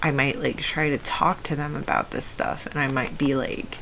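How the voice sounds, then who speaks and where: A young adult woman with a low voice often taken for a man's, telling a personal story in a rambling way with many fillers and restarts. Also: steady tone, normal speed, vocal fry, a bit bright, a little hiss or hum, low-quality recording. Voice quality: low voice often heard as male. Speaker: video essayist.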